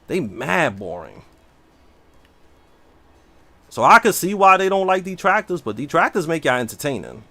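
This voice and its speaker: A livestreamer with a fairly high-pitched voice speaks at a moderate pace and pauses often. He chats casually and brashly as he streams a game, slangy and animated, in a recording with no echo.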